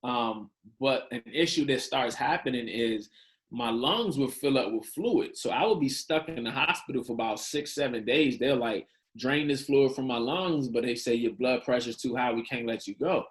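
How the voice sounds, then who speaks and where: A man in his thirties speaks as a podcast guest, telling a personal story in loose, slangy talk. He acts out the quoted dialogue with lively shifts. His voice sits at a middling pitch for a man. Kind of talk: candid storytelling in an interview.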